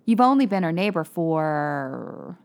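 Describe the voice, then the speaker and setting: A woman's voice: sits low, sing-song, slow, creaky, darkish tone, exaggerated voice. A woman voicing a blunt female police officer who questions a suspect firmly. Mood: probing. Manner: firm, pointed questioning.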